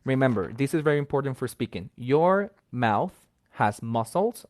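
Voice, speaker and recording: A man's voice: mid-range voice, animated, moderate pace, no room sound, studio quality. A man, an English teacher, patiently explaining speaking and pronunciation with examples. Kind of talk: casual explanatory chat.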